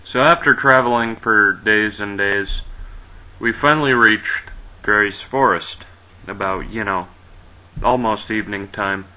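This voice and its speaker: Man, casual storyteller, profane, rambling, lowish pitch, very bright tone. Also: a little slow, rough recording. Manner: profane, rambling, voices his characters briefly. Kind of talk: casual improvised fantasy storytelling.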